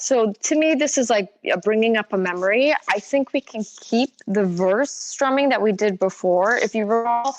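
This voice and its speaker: A woman's voice: a little high, normal speed, hardly any pauses. A woman giving a casual guitar lesson who thinks aloud, with plenty of fillers as she explains. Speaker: guitar teacher. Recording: slightly dull recording with guitar. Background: her own guitar playing.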